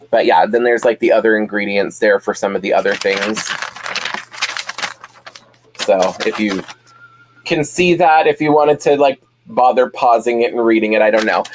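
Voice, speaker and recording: Male streamer at home, mid-pitched, relaxed, rambling chat with lots of "um"s. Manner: chatty, rambling, frequent fillers and restarts. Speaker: live-stream host. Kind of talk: casual live-stream chat, reading comments.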